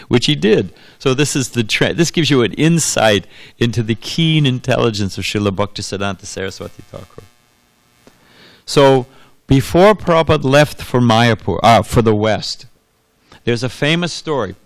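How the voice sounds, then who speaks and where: Guy preaching in a temple, tells stories, keeps asking the crowd stuff, dry sound, mid pitch. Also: normal speed, no echo. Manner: anecdotal, asks the audience questions, laughs often. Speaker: monk giving a temple lecture. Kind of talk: storytelling sermon.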